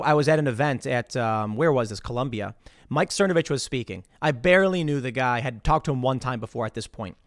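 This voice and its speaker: Male commentary host, fairly high voice, animated delivery that acts out quotes, close and dry studio mic. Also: dry recording. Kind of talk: live political commentary show.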